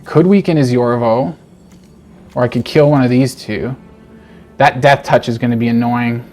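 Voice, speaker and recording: A man giving casual, animated commentary on his own card game, talking to himself and joking through his frustration. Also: medium pitch, moderate pace. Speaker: game streamer. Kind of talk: gameplay commentary.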